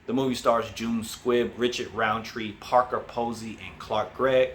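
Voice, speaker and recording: A man's voice: mid-range voice, fairly even intonation, slight background noise. Casual man reviewing a movie. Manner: acts out quoted characters with quick voice changes.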